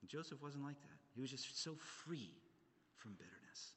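A man preaching a sermon in an earnest, emphatic way, swinging between loud stresses and hushed phrases. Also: medium pitch, expressive, moderate pace. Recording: long hall reverb.

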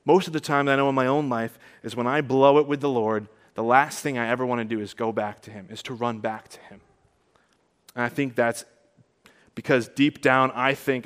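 A man preaching a sermon, earnest and conversational, rising to emphatic peaks and dropping soft. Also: medium pitch, normal speed, big-room sound. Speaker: pastor.

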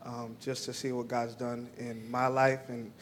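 A young man tells a personal story to a church group. He talks haltingly, with many fillers and restarts. His pitch stays level throughout. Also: flat delivery, slight background noise. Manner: halting, full of "um" and "like". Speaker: church member giving a testimony.

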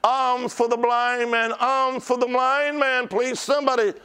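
A man's voice: very high-pitched, flat delivery, a little slow, bright, forceful tone, clean tone, heavily acted. A man preaching, voicing a blind male beggar who pleads again and again for alms and help. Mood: pleading. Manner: pleading, repeated cries for help.

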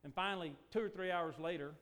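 An older man preaching a sermon, moving from quiet, reflective talk to slow, emphatic declarations. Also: high voice. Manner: preaching, swings from hushed to emphatic, stretched slow phrases. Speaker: pastor.

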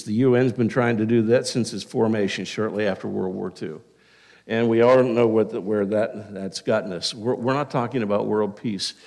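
A male pastor delivers a sermon in an unhurried, conversational way, at an ordinary middle pitch. He drifts into asides and restarts, slowing down to lean on key words.

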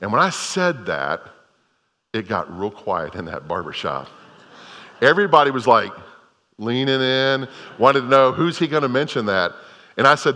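A man's voice: mid-range voice, very animated, moderate pace, long pauses, bright, forceful tone. A middle-aged man preaching a sermon as a pastor, telling a story in a folksy way with many restarts. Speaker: Methodist pastor. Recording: long hall reverb.

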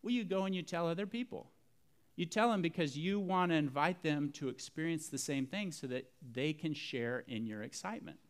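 A man's voice: a little high, lively intonation, moderate pace. A man preaching a sermon, earnest and emphatic, repeating key phrases for weight. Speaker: pastor.

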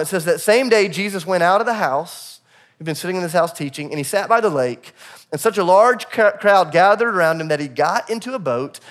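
A man with a high, bright voice preaches to his congregation. He tells an animated personal story, jumping into voices for the people in it. He then moves into teaching from scripture. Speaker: pastor.

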